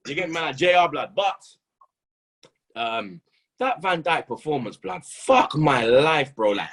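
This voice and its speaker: A young man, a football pundit who talks in loud, animated street slang and keeps saying "blood" and "you understand". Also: on the high side, measured pace. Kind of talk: casual football banter.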